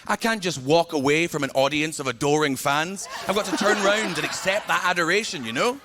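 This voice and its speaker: A man with a Scottish accent from Scotland doing an animated stand-up set, telling stories with punchy asides to the crowd. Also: on the high side, a little fast. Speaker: stand-up comedian. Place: large TV studio stage before a live audience. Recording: loud audience laughter, noisy stage.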